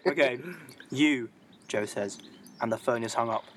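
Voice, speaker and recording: A man's voice: medium pitch, a little fast, a bit bright, a little hiss or hum. A man, a podcast co-host, reading a comic story aloud to his friends and laughing through it.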